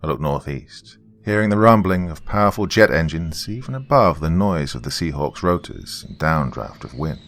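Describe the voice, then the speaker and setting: A man narrating a first-person military horror story in a grave, measured storytelling manner. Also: extremely low pitch, big pitch swings. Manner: grave, measured storytelling with shouted quoted lines.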